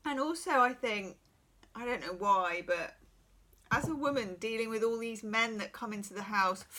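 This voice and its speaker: Woman, middle-aged, bright voice, losing her voice, chatty tarot reader, frank and reassuring. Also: on the high side, unhurried. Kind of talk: private tarot reading, casual advice.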